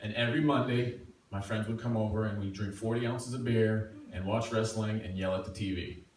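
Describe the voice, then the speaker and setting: Brief: middle-aged man, mid-pitched, self-mocking storyteller, recorded far off in a very echoey room. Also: brisk. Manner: self-mocking, animated, acting out quotes. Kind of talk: live personal storytelling. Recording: echoey room, far from mic, faint noise.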